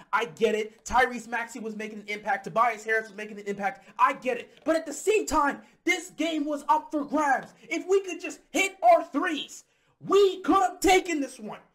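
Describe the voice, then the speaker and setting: Furious high-voiced man ranting about basketball. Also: normal speed. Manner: heated, exasperated, shouting bursts. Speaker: sports commentator. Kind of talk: angry fan rant.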